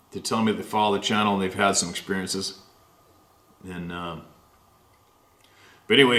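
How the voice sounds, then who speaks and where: A man's voice: lowish voice, fairly bright tone, roomy sound. A man hosting a show, reading a listener's letter aloud and then rambling casually about it with many fillers. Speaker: host reading listener stories.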